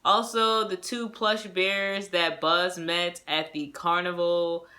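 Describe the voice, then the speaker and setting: A woman's voice: lowish voice, little pitch movement, slow, sharp tone. A young woman giving a casual movie review, gushing and rambling, laughing and acting out her own reactions. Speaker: movie reviewer and self-published author.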